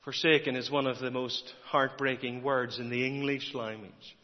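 A man preaching a sermon, measured and dramatic, pausing often and repeating key refrains. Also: mid-range voice, steady tone. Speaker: pastor. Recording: dull lo-fi recording with long hall reverb.

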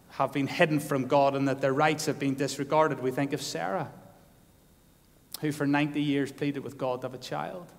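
A man preaching a sermon in a church, impassioned and building to loud, emphatic peaks. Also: on the high side, long reverb tail.

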